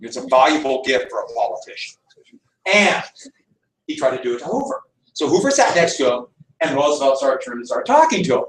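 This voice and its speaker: Guy lecturing history in an echoey hall, mic far away, animated storyteller. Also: mid-range voice, brisk. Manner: lively storytelling, acts out quotes. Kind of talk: classroom lecture.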